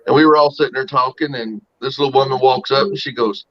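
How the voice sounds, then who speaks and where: A man's voice: medium pitch, fairly even intonation, fast talker. A man telling folksy stories in casual chat. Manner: folksy storyteller, acts out quotes. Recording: dull lo-fi audio.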